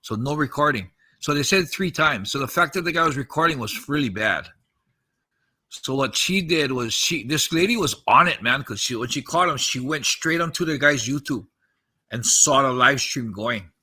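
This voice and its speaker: A man in his fifties tells a tense story on a podcast, slipping into the voices of the people he quotes and cursing along the way. His voice is very bright and sharp-edged at an ordinary middle pitch. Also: moderate pace, breathy edge. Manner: animated retelling, acting out quoted dialogue, frequent swearing. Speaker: podcast host recounting a story. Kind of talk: casual storytelling.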